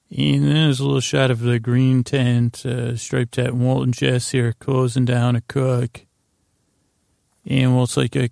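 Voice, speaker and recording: A podcast host with a deeply gravelly, fry-heavy voice meanders through a scene-by-scene recap, stumbling over words and paraphrasing characters. His delivery stays level and flat, recorded close and dry. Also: a little slow, no echo. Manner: meandering, full of fillers and restarts. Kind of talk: rambling episode recap for sleep.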